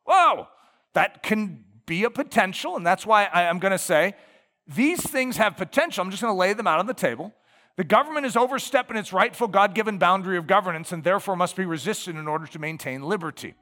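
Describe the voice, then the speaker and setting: An American man preaching to his congregation, his high, bright voice leaping up and down as he stacks emphatic lists. He throws out rhetorical questions and presses his points with animated conviction. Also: fast talker, big-room sound. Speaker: pastor. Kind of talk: sermon.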